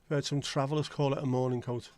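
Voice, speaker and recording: A man with a Liverpool accent chats loosely on a livestream, cracking jokes, swearing casually and calling out viewers by name. His voice sits at an everyday middle pitch. The sound is close and dry, with no room echo. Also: little pitch movement, quick pace, a little mellow, clean tone. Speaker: livestream host.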